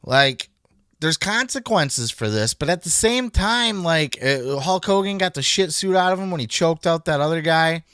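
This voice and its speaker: A man hosting a wrestling podcast, talking in a blunt, animated way and swearing a lot. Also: on the high side, normal speed, smooth, no echo, clean studio sound. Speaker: podcast host. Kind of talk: casual profane commentary.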